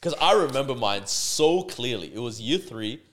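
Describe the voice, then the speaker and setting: A man's voice: mid-range voice, moderate pace. A young man co-hosting a podcast, telling school stories in casual chat and laughing hard. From Australia. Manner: animated storyteller, laughs hard. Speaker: podcast co-host.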